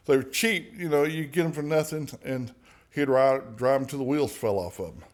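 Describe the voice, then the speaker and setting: A man's voice: mid-range voice, normal speed. A man speaks as a podcast guest, telling personal stories in a candid, conversational way. He is blunt and profane, slips jokes in, and often restarts his sentences as he goes. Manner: frank, profane, joking, many restarts.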